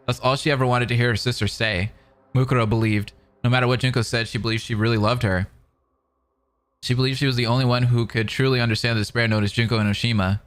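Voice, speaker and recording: A man's voice: medium pitch, a bit bright. A young man streaming, reading a novel aloud between rambling, filler-heavy casual chat with viewers. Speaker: streamer reacting to a fan dub.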